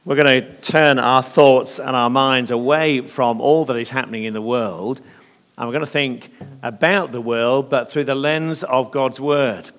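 A slightly hoarse man preaching a sermon in earnest, often pausing on fillers. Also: medium pitch. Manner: earnest, with hesitant fillers and softening in prayer. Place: church. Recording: long reverb of a church hall.

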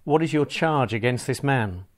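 A stern, uneasy Roman governor, as a male scripture reader puts him on, pressing his questions in a slightly raised voice. He sounds like a man reading aloud in church, just a little brighter and more forceful than his own narrating voice. The delivery stays measured and plain. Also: medium pitch, lively intonation, lightly acted. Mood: questioning.

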